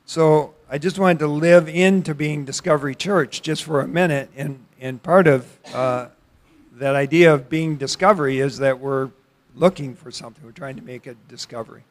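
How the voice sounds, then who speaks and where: A middle-aged man leading an interactive church Bible study, talking conversationally with questions to the congregation and halting restarts. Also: mid-range voice.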